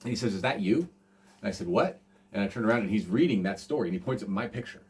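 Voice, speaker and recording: A man's voice: fairly low pitch, animated, fast talker, a little mellow. A man in his forties hosting a casual podcast, telling a rambling, self-deprecating story full of fillers and restarts. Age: 40s. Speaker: podcast host.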